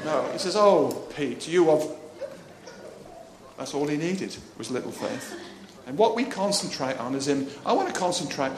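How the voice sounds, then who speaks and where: Male preacher, lively jokey sermon, fairly high voice, roomy hall sound. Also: a little fast, few pauses, crowd noise. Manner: jokey, chatty, laughs while preaching, acts out voices. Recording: echoey room with faint ambience.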